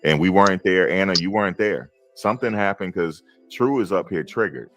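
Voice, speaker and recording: A man's voice: low-pitched, expressive, brisk, a bit bright, faint music behind. A man from Newark with a New Jersey accent, pressing his points in a heated live-stream debate and repeating his questions over and over. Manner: repetitive, insistent questioning. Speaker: commentator.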